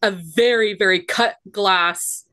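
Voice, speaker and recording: A woman's voice: mid-range voice, slow pace, pushed and bright, no room sound. A woman co-hosting a podcast, explaining at length in a rambling, thoughtful casual chat. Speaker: podcast co-host.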